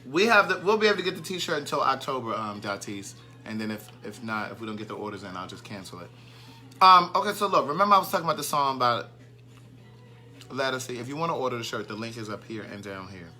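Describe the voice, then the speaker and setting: A man's voice: medium pitch, big pitch swings, fast talker, pushed and bright, faint music behind. A man hosting a casual live stream, chatting and greeting viewers by name, and easily sidetracked.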